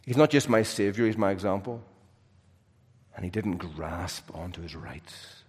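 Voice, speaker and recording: A man preaching a sermon, swinging between loud, emphatic lines and soft, hushed drops. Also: deep voice, a little slow, slightly rough. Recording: long reverb of a large hall.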